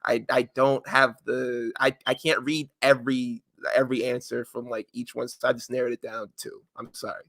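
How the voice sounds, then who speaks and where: A man's voice: medium pitch, little pitch movement, moderate pace, hardly any pauses, fairly bright tone, no room sound. A man co-hosting a podcast in casual chat, joking loosely as he reads out listener answers. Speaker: podcast co-host.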